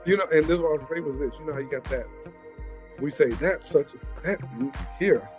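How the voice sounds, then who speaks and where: A man chatting as a guest, animated and repeating words for emphasis. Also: fairly high pitch, fast talker, soft background music. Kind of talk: casual chat.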